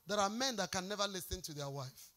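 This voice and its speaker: Lively woman pastor preaching. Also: medium pitch, fast talker. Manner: emphatic, exhorting preacher. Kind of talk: sermon.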